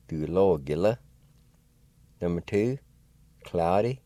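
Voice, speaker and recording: A man hosting a radio language lesson, slowly spelling words out letter by letter and sounding out syllables in an encouraging, folksy way. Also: low voice, mellow, dry recording. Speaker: radio host and language teacher.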